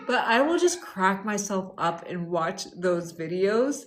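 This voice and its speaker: A woman's voice: a little high, a little slow, few pauses, a bit bright. A woman, chatting casually and rambling during a wellness livestream at home. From born in Canada, raised in the US. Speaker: wellness live streamer. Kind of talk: casual chat.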